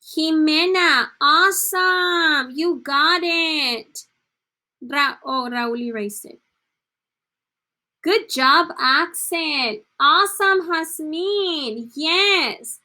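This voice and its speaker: Slow, bright-voiced woman teaching a class. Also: high voice. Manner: encouraging, praising students by name; slips between English and Spanish. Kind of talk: online class lesson.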